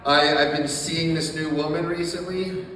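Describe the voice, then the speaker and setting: A man doing a stand-up set in a small coffee shop, telling dark jokes in a deadpan way with plenty of swearing. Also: a little high, normal speed, heavy reverb, in a large hall, recorded from a distance, slight background noise. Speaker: stand-up comedian.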